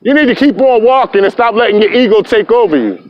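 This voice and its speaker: Man, high-pitched, needling and preachy, muffled handheld street recording outdoors. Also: lively intonation, fast. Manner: taunting, repetitive, lecturing. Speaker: camera-carrying activist filming police. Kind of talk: confrontational street argument.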